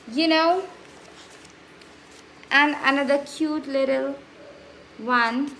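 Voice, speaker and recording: Chatty spiritual vlog host, a woman with a high bright voice, effusive, echoey room. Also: unhurried, slight background noise. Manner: chatty and effusive, many fillers and restarts. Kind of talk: casual spiritual vlog talk.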